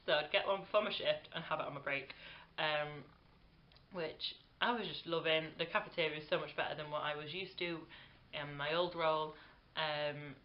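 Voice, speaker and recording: A woman's voice: sits low, fairly even intonation, moderate pace, muffled recording. A British woman in her twenties chatting casually to camera, rambling with lots of "um" and "like" and laughing easily. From Britain. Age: 20s. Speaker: vlogger.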